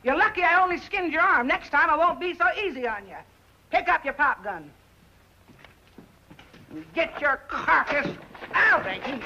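A woman's voice: high voice, animated, normal speed, pauses often, pushed and bright, a little hiss or hum, full character voice. An actress playing a tough gun-slinging frontier barber woman with brash, folksy talk, from a muffled old TV soundtrack. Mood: feisty. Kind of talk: 1950s TV western acting.

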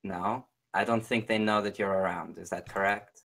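A tabletop player speaking slowly and deliberately, half in character with a mock-refined manner. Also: sits low, steady tone, creaky, fairly bright tone.

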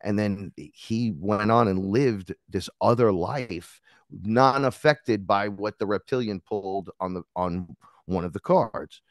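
Low-ish dude on a podcast, dry close sound, telling animated stories, swears a lot, does little voices. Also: male voice, slow, no room sound. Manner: animated storytelling, swears freely, acts out voices in his anecdotes. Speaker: podcast guest. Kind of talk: casual chat.

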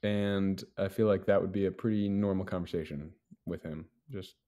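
Lowish-voiced band guy on a podcast, laid back, lots of ums. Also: moderate pace. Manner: relaxed, hesitant, many ums. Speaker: band member guest. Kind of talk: casual chat.

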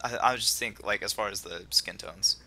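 A man's voice: on the low side, fairly quick, pushed and bright, no room sound. A man hosting a casual let's play, talking in a loose, rambling way with lots of "kinda" and "just". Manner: loose and rambling, with many fillers. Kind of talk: casual gaming chat.

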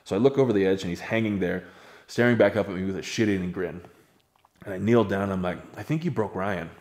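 A man's voice: low voice, quick pace, a little mellow. A young man telling a story in a laid-back, profane, casual way.

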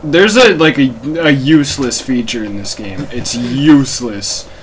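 In a noisy home recording, a young man provides casual gameplay commentary as a let's play host. His voice is medium-pitched and measured in pace, and he rambles and jokes, restarting often.

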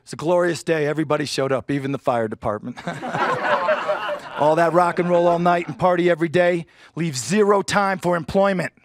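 A man's voice: fairly high pitch, fairly quick, a crowd in the background. A man performing a stand-up comedy set on stage, with punchy delivery and silly character voices. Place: stage before a live audience.

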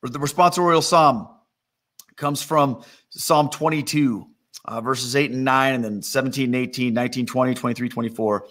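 A middle-aged man preaching a sermon in a conversational, animated storytelling manner, acting out quotes. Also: mid-range voice, moderate pace.

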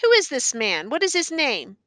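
A woman reading the part of a grave male judge who questions the accused in a stern, measured way. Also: high-pitched, wildly swooping pitch, pushed and bright, no echo, pitched above the performer's own voice, exaggerated voice.

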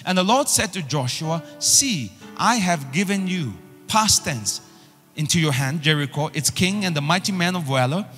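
A male pastor delivering a sermon, emphatic and repetitive, pushing phrases up in pitch as he builds. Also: animated, moderate pace, a bit bright, big-room sound, faint music behind. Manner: emphatic preaching with repeated rising phrases.

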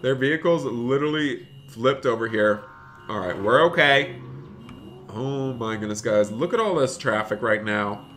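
A man's voice: medium pitch, moderate pace. A young man streaming a driving game live, chatting to viewers and gushing with thanks for donations. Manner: excitable, gushing thanks to donors.

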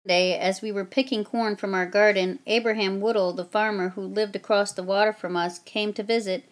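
A woman's voice: mid-range voice, fairly even intonation, a little fast. Woman reading a children's story aloud. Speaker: narrator.

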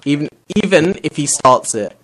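A man's voice: on the high side, lively intonation, moderate pace, a bit bright. Chatty young gamer man. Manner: rambling, chatty, swears casually. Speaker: let's play host. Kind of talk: casual gaming commentary.

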